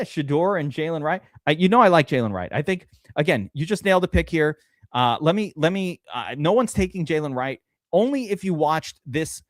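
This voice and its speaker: A man hosting a live-stream fantasy draft, talking in an excitable, rambling way and swearing often. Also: on the high side, no room sound, studio quality. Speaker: streamer host.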